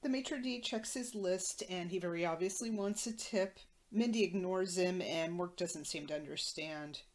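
A woman's voice: fairly low pitch, moderate pace. A woman podcast host recapping a TV episode in a matter-of-fact way with wry asides.

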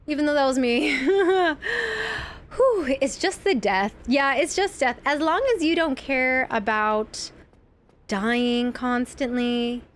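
A woman's voice: sits high, a little slow. A young woman streaming a video game from home, chatting casually and giggling while she rambles and reads her chat aloud.

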